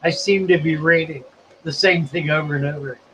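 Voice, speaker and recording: A man's voice: a little high, steady tone, fairly quick, fairly bright tone, a little hiss or hum, poor audio. A man hosting a live stream in a casual, chatty way, reading viewer comments aloud and musing as he goes.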